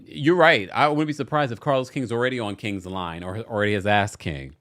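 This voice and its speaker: A man's voice: fairly low pitch, fairly quick. A man hosting a live recap show, chatting casually and playfully while reading out viewer comments. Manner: animated, playful, reads viewer comments aloud. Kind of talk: casual livestream chat.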